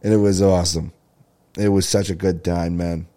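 A man with a low, mellow voice talks on his comedy podcast in loose, unscripted chat. He is excitable and swears freely as he rambles from one story to the next. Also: moderate pace. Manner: enthusiastic, profane, rambling storyteller. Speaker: stand-up comedian and podcast host. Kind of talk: casual solo podcast chat.

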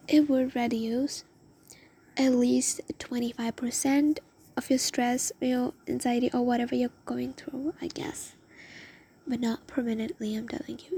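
Husky, breathy young woman in a rambling vlog. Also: a little high, steady tone, normal speed, mellow. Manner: rambling, emotional, lots of "oh my God". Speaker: vlogger. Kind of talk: confessional casual vlog, often whispered.

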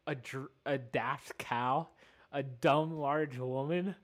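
A man's voice: mid-range voice, steady tone, takes it slowly. A man co-hosting a casual chat show, rambling and giggly, saying "like" constantly. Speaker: podcast co-host.

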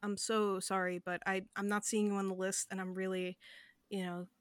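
A woman's voice: mid-range voice, flat delivery, normal speed, smooth, no echo, clean studio sound, close to an everyday voice. Woman doing a folksy dwarf councilwoman. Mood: firm, apologetic. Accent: faint Southern US cadence. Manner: polite but firm, folksy. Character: blunt middle-aged dwarf councilwoman guard.

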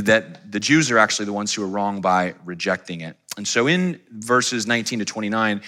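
A man in his forties preaching a sermon, telling personal stories in a conversational, animated way. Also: lowish voice. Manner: conversational, animated storytelling with quoted voices. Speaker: pastor.

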